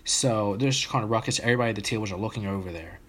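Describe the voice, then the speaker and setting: A man's voice: on the low side, very fast, fairly bright tone. A man telling a long story in casual chat among friends on a podcast, with frequent restarts and fillers.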